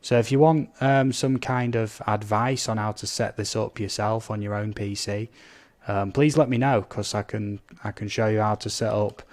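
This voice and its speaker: A man's voice: fairly low pitch, steady tone, normal speed, a little mellow. A man chatting casually as he streams a game, reading out viewer comments and blurting out little sound effects. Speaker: gaming live streamer.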